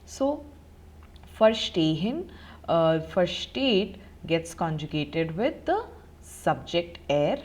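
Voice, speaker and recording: A woman's voice: on the low side, sing-song, takes it slowly, darkish tone. A woman with an Indian English accent explaining German grammar in an online lesson, with frequent fillers as she explains. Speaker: German language teacher. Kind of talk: online language lesson, mixing Hindi and English.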